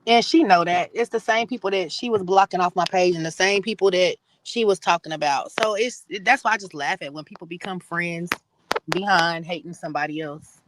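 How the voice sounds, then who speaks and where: A woman's voice: on the low side, a little fast, background noise. A woman joining a live stream as a guest, explaining things in a matter-of-fact way. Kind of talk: casual live-stream chat.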